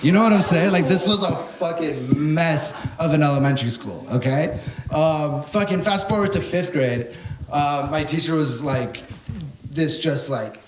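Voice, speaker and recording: A man's voice: on the high side, normal speed, slight background noise. A young man doing a stand-up comedy set, telling stories animatedly and swearing a lot while he acts out the people in them. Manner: animated storytelling, heavy swearing, acts out characters. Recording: echoey room with live audience. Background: audience crowd.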